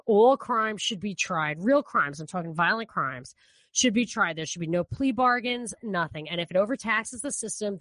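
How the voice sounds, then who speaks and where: A woman's voice: mid-range voice, a bit bright, no echo. A woman co-hosting a political podcast, opinionated and conversational. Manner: opinionated, conversational, restarts often. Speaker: podcast co-host. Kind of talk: casual political podcast chat.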